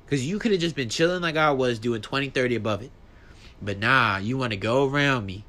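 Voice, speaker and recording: Profane, animated man ranting on his podcast. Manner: animated, profane, ranting, voice jumps high when worked up. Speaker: podcast host. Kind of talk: solo casual podcast rant.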